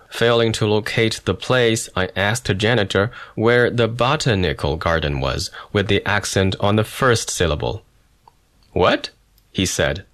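Low-voiced man narrating a memoir. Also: fairly bright tone. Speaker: audiobook narrator. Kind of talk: scripted first-person narration.

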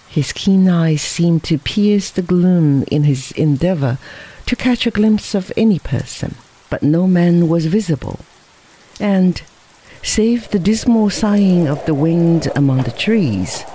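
A narrator reading a story aloud in a slow, measured way. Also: medium pitch, animated, dark tone, breathy edge, low-quality recording. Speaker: audiobook reader.

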